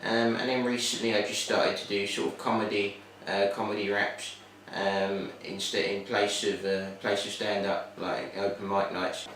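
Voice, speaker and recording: Young man, Cockney accent, rambling, full of "sort of" and "like", fairly low voice, faint background noise. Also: level tone, moderate pace, few pauses, a bit bright. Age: young adult. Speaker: TV production student. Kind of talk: casual interview answers. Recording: very echoey room, distant mic.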